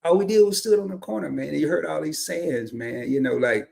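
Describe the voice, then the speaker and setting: A man's voice: fairly high pitch, a little fast, creaky, darkish tone. A man from Arkansas with a Southern accent, hosting a livestream and telling stories in a laid-back, drawling way. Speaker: livestream host. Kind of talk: casual storytelling monologue.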